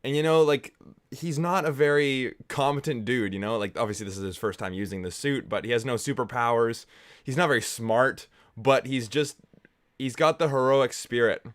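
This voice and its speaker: A man's voice: medium pitch, moderate pace. A man hosting a casual movie watch-along commentary, rambling and enthusiastic. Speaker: film reviewer, host.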